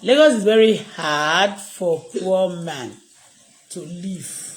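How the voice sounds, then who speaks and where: A woman's voice: on the low side, slow pace, low-quality recording. A woman with a Nigerian Yoruba accent, chatting casually on a live stream and switching between English and Yoruba with chuckling asides. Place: home in Canada.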